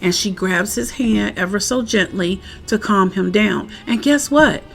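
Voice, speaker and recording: A woman, a parent, chatting casually outdoors in the wind as she recaps a TV episode and acts out the characters' lines with animated energy. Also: medium pitch, unhurried, vocal fry. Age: adult parent. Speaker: show recap vlogger. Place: outdoors, windy.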